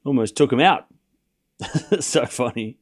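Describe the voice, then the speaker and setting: A man hosting a live tennis watchalong stream, chatting casually and laughing often, then calling points in a quieter play-by-play. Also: medium pitch, measured pace.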